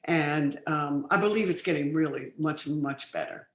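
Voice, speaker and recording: An older woman, a film producer, chatting as an interview guest, telling lively stories with many restarts. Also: sits low, normal speed. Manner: lively anecdotal storytelling, frequent laughs and restarts. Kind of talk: casual interview chat. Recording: roomy studio sound.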